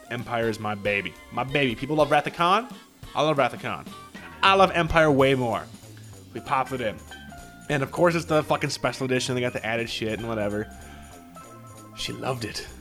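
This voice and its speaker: A man's voice: medium pitch, normal speed, a bit bright, faint music behind. A man in his forties, chatting casually as a podcast co-host, rambling and profane, with lots of restarts. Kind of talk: casual chat.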